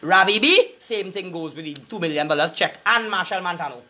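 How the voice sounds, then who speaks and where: Man, Trinidadian accent, high-pitched, bright voice, crude preachy rant, sing-song chanting. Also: fairly quick, slight background noise. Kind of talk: profane rant to camera.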